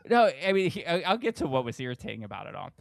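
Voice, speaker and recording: Animated man telling a story. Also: racing, creaky, no echo. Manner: animated storyteller, acts out quoted people with big pitch jumps. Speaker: podcast co-host. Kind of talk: casual chat, storytelling.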